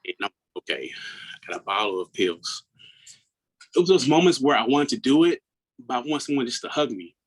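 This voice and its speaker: A man in his thirties from Maryland, a guest on an interview who speaks earnestly and reflectively, often dropping into a hushed tone. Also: mid-range voice, lively intonation, a little fast, long pauses, breathy edge, low-quality recording. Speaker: guest, mental health coach. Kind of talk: personal storytelling in an interview.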